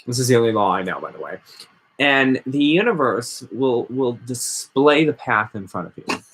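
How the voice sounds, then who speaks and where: A man's voice: mid-range voice, expressive, moderate pace, fairly bright tone, a little hiss or hum. A man hosting a casual, rambling chat while stoned, often mock-quoting other people. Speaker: host.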